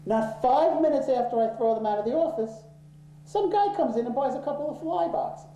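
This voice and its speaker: A man telling a story in an interview, swearing freely and getting worked up and loud when angry. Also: very high-pitched, lively intonation, a little fast, highs cut off, a little hiss or hum. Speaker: interviewee, office owner. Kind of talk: profane, animated storytelling in an interview. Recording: roomy echo.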